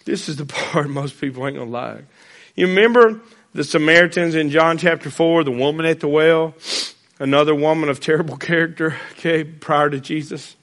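A man's voice: on the high side, moderate pace, fairly bright tone. A man preaching a sermon, folksy and conversational, rising to fervent emphasis.

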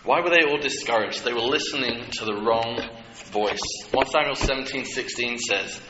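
A man preaching a sermon, animated and humorous, with asides to the congregation. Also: mid-range voice, normal speed. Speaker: pastor. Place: church hall. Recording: echoey hall with dull lo-fi sound and clear noise.

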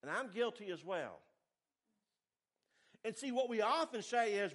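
Animated high-voiced preacher man. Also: unhurried. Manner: animated preaching, pitch and volume rising and falling widely. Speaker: pastor. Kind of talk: sermon.

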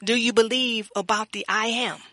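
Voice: mid-range voice, steady tone, normal speed, fairly bright tone, no room sound. A Bible teacher reading scripture passages aloud and breaking in with fervent amens and praise.

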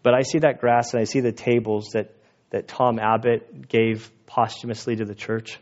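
A male pastor gives an outdoor sermon at a church gathering, storytelling conversationally and growing emotional at times. In the muffled recording, his mid-range voice is a little mellow, moves at a moderate pace, and shows little pitch movement.

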